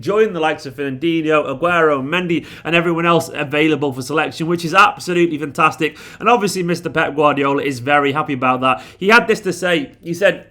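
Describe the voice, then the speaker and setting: A man talking straight to camera about his football club, chatty and opinionated, with a slightly higher-than-usual speaking voice. He throws in dry, self-mocking asides as he runs through team news and predictions. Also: sharp tone. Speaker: football fan channel host. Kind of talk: match preview commentary.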